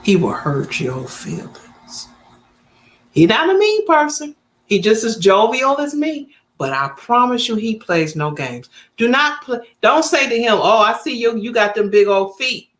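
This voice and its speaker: A woman's voice: a little high, expressive, moderate pace, a bit bright. A woman, chatting to camera in a vlog, emphatic and repeating her points. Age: 50s. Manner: chatty, emphatic, repeats points, acts out quoted family voices. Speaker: vlogger. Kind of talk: casual storytelling to camera.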